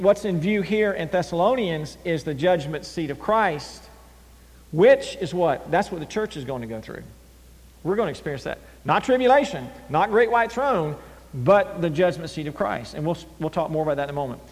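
A male pastor preaching a sermon, animated, swinging between loud emphasis and near-whispers. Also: a little high, normal speed. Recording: long hall reverb.

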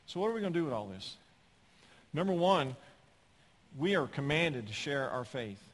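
Male preacher, fairly high voice, emphatic with folksy humor, long church reverb. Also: very animated, moderate pace. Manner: emphatic, rising to loud peaks, with folksy humor. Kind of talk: sermon.

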